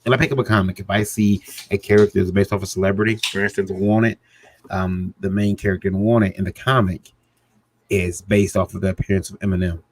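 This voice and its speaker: A man's voice: low voice, little pitch movement, fairly quick, a little hiss or hum. A man chatting casually about writing comics, rambling and restarting his sentences with jokes along the way. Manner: rambling, self-interrupting, jokey. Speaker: comic creator guest. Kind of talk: casual panel chat.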